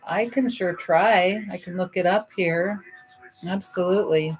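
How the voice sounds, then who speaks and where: A middle-aged woman on a casual livestream, gently and sympathetically chatting with viewers while thinking aloud through many pauses. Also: lowish voice. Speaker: livestreamer taking song requests. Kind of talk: casual live-stream chat.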